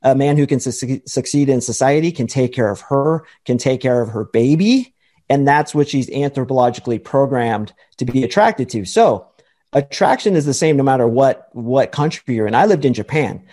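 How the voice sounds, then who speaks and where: A man's voice: medium pitch, mellow. A man speaking as a podcast guest and dating coach, lecturing emphatically and acting out quoted voices. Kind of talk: confident explanatory talk.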